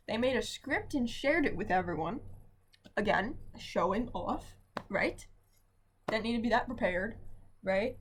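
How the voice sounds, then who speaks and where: A woman's voice: mid-range voice, lively intonation, measured pace, pauses often, breathy edge. Rambling chatty young woman vlogging. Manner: rambling and chatty, often asks "right?". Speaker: vlogger, student. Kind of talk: casual diary vlog. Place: at home.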